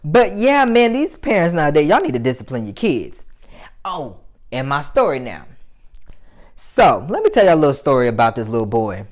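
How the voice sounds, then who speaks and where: A man telling a casual story to his viewers, animated and profane, swinging between loud outbursts and muttered asides. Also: on the high side, normal speed. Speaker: vlogger.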